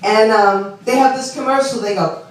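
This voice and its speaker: A woman in her 60s from Long Island, New York teases her audience during a chatty stand-up set where she makes fun of herself. She talks at a normal speed in a fairly high voice, picked up from afar in an echoey club.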